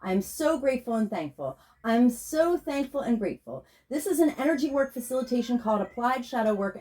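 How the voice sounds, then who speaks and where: An American woman spiritual healer in Pennsylvania, speaking slowly and soothingly as she leads a guided meditation, then chants a repeated prayer over a tarot reading. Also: a little high, darkish tone. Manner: slow, soothing, incantatory. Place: home, Pennsylvania.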